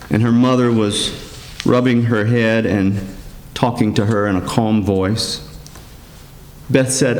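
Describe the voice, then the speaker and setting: A man, a priest giving a sermon in a gentle storytelling manner, slowing down and rising in pitch for emphasis. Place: church. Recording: echoey church sanctuary.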